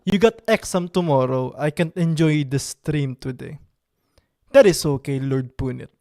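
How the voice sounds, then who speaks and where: A playful, vain man hosts a casual livestream, chatting with viewers in a slightly high, darkish voice. He's mock-serious and speaks in halting, broken phrases, tossing in the occasional French word.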